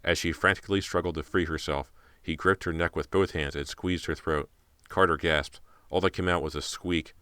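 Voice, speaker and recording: A male audiobook narrator reads a thriller in a tense, dramatic way. His voice is exceptionally deep, and the recording is dry and close to the mic. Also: steady tone, normal speed, sharp tone, clear, resonant tone, no room sound. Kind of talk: scripted narration.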